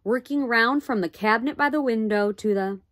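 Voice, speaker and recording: A woman's voice: a little high, moderate pace, a bit bright, no echo, natural voice. A woman reading a wary, rustic tiny father. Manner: wary, rustic ungrammatical talk. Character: wary, plain-spoken tiny borrower father. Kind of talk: storybook reading.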